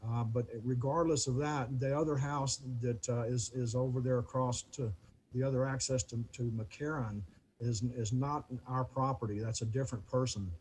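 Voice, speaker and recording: A man gives public comment on a video call, halting and restarting his words. His voice sits at an ordinary pitch. A faint hiss runs under the call. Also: fairly even intonation, a little mellow, low-quality recording. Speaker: neighbor addressing the commission.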